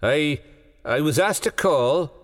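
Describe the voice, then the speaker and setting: A man voicing a nervous, awkward company messenger in a spoken ghost story, stammering and formal, pitched above his own voice. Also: animated, slow pace. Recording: long hall reverb, faint music.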